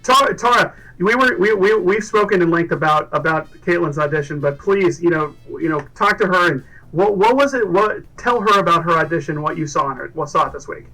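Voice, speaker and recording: A man's voice: a little high, fairly quick, few pauses, sharp tone, far from the mic, rough recording. A man hosting a casual livestream, upbeat and rambling, with lots of fillers and restarts. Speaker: livestream host.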